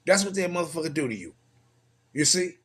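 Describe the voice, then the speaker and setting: A man preaching from scripture in a crude, profane way, firing rhetorical questions and rising into loud, high bursts. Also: animated, brisk, breathy edge.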